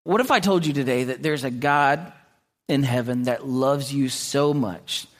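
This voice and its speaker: A man preaching a sermon in an earnest way, often restarting his words and clearing his throat. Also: mid-range voice, unhurried. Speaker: pastor.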